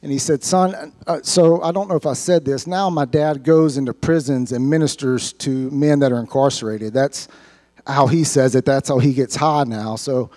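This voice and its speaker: A man's voice: medium pitch, fairly even intonation, normal speed, mellow. A man giving an earnest, heartfelt personal testimony to a church congregation, sometimes repeating words as he speaks. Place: church sanctuary.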